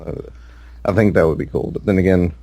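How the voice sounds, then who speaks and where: A man's voice: deep voice, brisk, gravelly, warm tone, no room sound. A man co-hosting a casual gaming podcast, rambling with lots of fillers and restarts. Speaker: podcast co-host.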